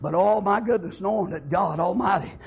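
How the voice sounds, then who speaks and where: A male preacher, telling stories in a fervent sermon that builds to impassioned shouting. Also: high voice, brisk, creaky.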